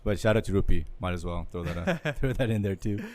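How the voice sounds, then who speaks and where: A man's voice: sits low, quick pace, darkish tone. A man hosting a podcast at a distillery, easygoing in casual chat and steering it with questions. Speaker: podcast host. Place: indoors at a distillery.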